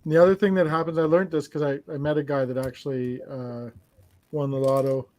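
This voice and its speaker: A man from Canada chatting casually as a co-host, telling anecdotes in an animated way and acting out the dialogue. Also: fairly high pitch, a little fast. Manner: animated storyteller who acts out quoted dialogue. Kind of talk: casual chat.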